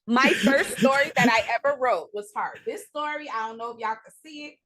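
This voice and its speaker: A woman's voice: fairly high pitch, a little fast, a bit bright. A woman comic book writer telling rambling, profane stories on a video call, restarting often and acting out quotes. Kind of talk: excited casual storytelling.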